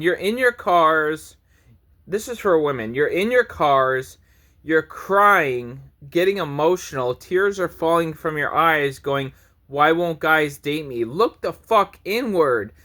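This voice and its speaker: A man's voice: sits high, fairly bright tone. A man in his thirties ranting to camera in a preachy, confrontational vlog monologue, swearing often. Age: 30s. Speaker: vlogger.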